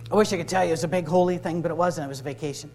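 A man's voice: a little high, steady tone, very fast, a little mellow, faint music behind, poor audio. A man, a minister giving a sermon-style workshop talk, telling stories, acting out the dialogue and joking. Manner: storytelling, acts out dialogue, joking.

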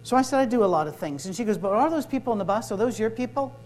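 In this low-quality clip, a minister talks very fast, his high voice animated yet darkish in tone. He delivers a sermon-style workshop talk by telling stories, acting out dialogue, and joking.

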